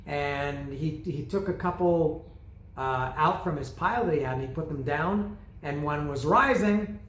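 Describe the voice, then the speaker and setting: A man's voice: on the high side, measured pace, a bit bright, slight background noise. Rambling self-mocking man, echoey room. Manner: self-deprecating, rambling storyteller with asides. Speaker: album review show host. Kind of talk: casual rambling monologue.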